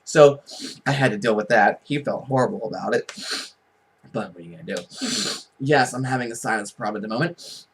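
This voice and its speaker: A man's voice: lowish voice, fairly quick, creaky, pauses often, breathy edge, poor audio. Man, casual storyteller, rambling, chatty, jokey asides. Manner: rambling, chatty, laughs at own jokes. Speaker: vlogger.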